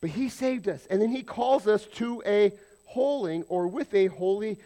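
A man delivering a sermon in a high voice. He preaches with emphasis and fires rhetorical questions at his listeners. At times he drops to a hushed, almost whispered delivery. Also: lively intonation, moderate pace. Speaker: pastor.

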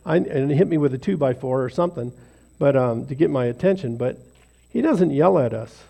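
A lay speaker leads an informal devotional for a small group, rambling, self-deprecating and conversational. His medium-pitched voice is expressive and fairly quick, dark in tone with vocal fry.

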